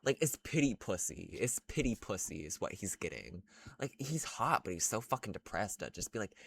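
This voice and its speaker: A man's voice: medium pitch, sing-song, moderate pace, vocal fry, fairly bright tone. A young man chatting casually in a rambling, crude, gushing way as he ranks characters. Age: young adult. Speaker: vlogger. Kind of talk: casual ranking chat.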